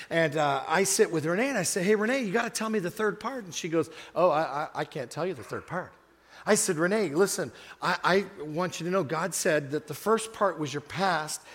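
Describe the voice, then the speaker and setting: An older man preaching a sermon, telling a story in a lively way and surging into loud emphatic bursts as he acts out what people said. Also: high voice, long reverb tail.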